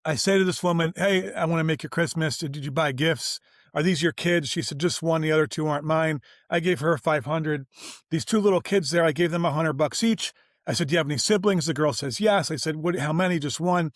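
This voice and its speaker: With plenty of slang and animation, a business-owner guest on an interview show tells a story, doing the voices of everyone he quotes. His pitch sits a bit above the typical man's and his delivery is brisk. The audio is close, dry, and echo-free, with no room sound.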